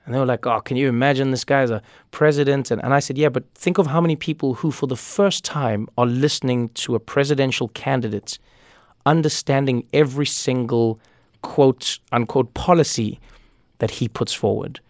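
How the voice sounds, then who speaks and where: A man, a comedian and author telling lively stories in a radio interview, often repeating words as he starts a thought. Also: mid-range voice, no echo, studio quality. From South Africa. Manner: animated storyteller, quick asides, repeats words when starting thoughts.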